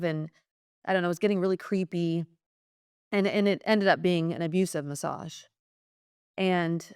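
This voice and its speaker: A woman's voice: fairly low pitch, smooth, no echo, studio quality. A young woman, a guest in an interview, telling a personal story in a hesitant way with many fillers. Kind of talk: personal account in conversation.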